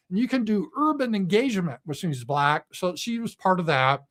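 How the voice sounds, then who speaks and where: A man's voice: high voice, big pitch swings, moderate pace, hardly any pauses, fairly bright tone. Male commentator, sarcastic and mocking, solo talk-to-camera monologue. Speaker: political commentator.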